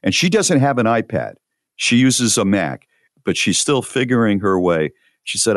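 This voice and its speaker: A man hosting a talk show, casually telling a long, animated personal story and rising in pitch as he relives the frantic parts. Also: normal speed, no room sound, clean studio sound. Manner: animated storyteller, voice climbs high when retelling frantic moments.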